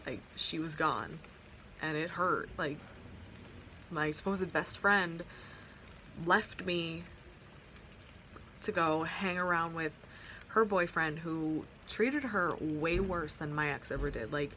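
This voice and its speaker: In a deep voice, slow and often pausing, a young adult woman tells a heartfelt personal story that rambles, full of fillers and restarts. She records a casual storytime vlog on her phone camera at home by an open window, her tone pushed and bright over a little hiss or hum.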